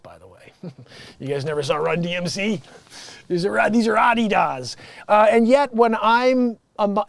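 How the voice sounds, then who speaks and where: A man's voice: high-pitched, no echo. An American man hosting a show, reading news headlines and riffing on them sarcastically, swearing and laughing often. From United States. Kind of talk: improvised comedic news commentary.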